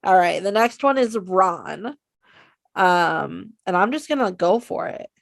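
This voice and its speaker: A woman co-hosting a fan podcast with an upbeat, encouraging way of talking. Her voice has a gravelly fry, heard close and dry. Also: lowish voice, lively intonation, takes it slowly, no echo. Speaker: podcast co-host. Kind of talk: casual chat.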